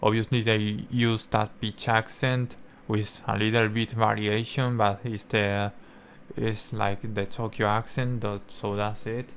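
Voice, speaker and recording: A young man whose first language is Spanish, explaining language learning in halting English full of fillers and restarts. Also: lowish voice, flat delivery, a little hiss or hum. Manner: halting, many fillers and restarts, non-native phrasing. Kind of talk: casual explanatory talk.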